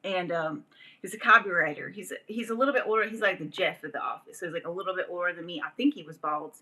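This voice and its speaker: A woman's voice: fairly low pitch, fast talker, bright, forceful tone, rough recording. A woman hosting a livestream, ranting casually in a profane, rambling way and laughing often. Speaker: livestream host.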